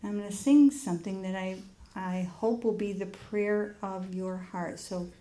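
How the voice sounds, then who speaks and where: A woman preaching in a church, telling a personal story with lively acted-out dialogue. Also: mid-range voice, unhurried. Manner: animated storytelling, acts out dialogue.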